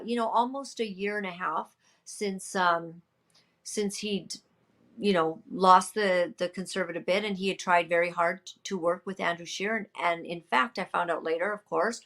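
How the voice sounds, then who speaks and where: A woman, a political candidate and podcast guest, retelling events in an emphatic, lively way with many fillers. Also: mid-range voice. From Canada. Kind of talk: storytelling in a casual interview.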